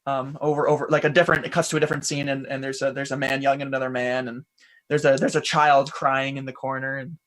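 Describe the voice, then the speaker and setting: A man's voice: medium pitch, flat delivery, quick pace, a bit bright. A man casually narrating a scene for his tabletop character, with frequent rambling restarts. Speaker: player.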